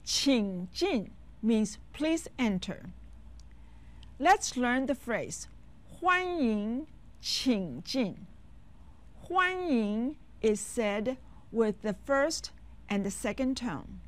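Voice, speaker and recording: Very slow, clear woman teacher. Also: a little high, animated. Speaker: language teacher. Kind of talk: scripted lesson narration.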